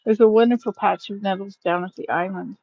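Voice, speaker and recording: A woman vlogger chats casually and rambles from her outdoor garden, where wind chimes hang, in a live-stream recorded on her phone. She is chatty and chuckles at herself as she goes. Her voice is medium in pitch with fairly even intonation and a slightly fast pace, and the recording sounds muffled.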